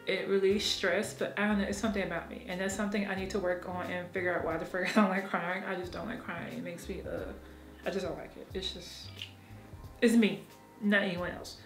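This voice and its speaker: A woman's voice: lowish voice, fairly even intonation, a little fast, echoey room, soft background music. A woman talking frankly and emotionally in a candid personal vlog, swearing freely and laughing often. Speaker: vlogger.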